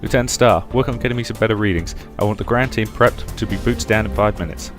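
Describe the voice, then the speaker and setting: A young man playing a sci-fi visual novel, reading out every character's lines with shifting pitch and loudness. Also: fast talker, over music. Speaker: game let's-player.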